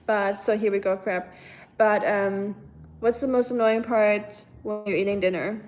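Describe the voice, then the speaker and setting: A woman's voice: medium pitch, steady tone, measured pace, darkish tone, a little hiss or hum. A young woman from Germany, casually chatting and answering her live chat as a streamer, with lots of fillers. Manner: chatty, reads chat aloud, many fillers. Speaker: livestream host.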